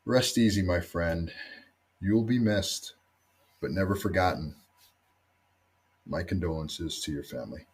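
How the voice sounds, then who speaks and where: A man's voice: low-pitched, unhurried, long pauses, husky. A man and former rugby teammate giving a reflective memorial tribute, telling a story and letting his voice drop at the ends of phrases.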